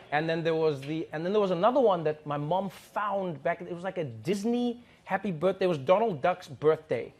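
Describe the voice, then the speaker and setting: A man from Africa, telling comic stories animatedly and acting out voices and songs. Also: fairly high pitch. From South Africa. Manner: animated, acts out voices and sings snatches of songs. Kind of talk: comedic storytelling.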